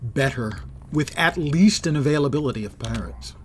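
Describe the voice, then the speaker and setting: Male game streamer, mid-pitched voice, jokey self-deprecating commentary, faint background noise. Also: lively intonation, moderate pace. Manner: joking, self-deprecating asides; reads mission text aloud. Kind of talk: live gameplay commentary.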